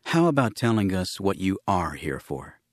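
A tart, blunt, skeptical woman, as a male reader puts her on, her words firm and cutting in a storybook reading. The voice stays low and the recording is close and dry. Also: big pitch swings, moderate pace, no echo.

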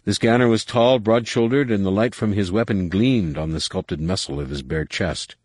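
A man reading an audiobook in a measured, dramatic narration. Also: fairly low pitch, a little mellow, no echo, studio quality. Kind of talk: scripted narration.

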